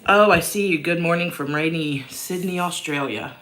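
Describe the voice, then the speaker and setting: A woman's voice: fairly low pitch, moderate pace, hardly any pauses, fairly bright tone. A woman hosting a casual livestream chat from home, rambling and self-mocking, with a cough that keeps breaking into her voice. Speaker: host answering viewer questions. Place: downstairs at home.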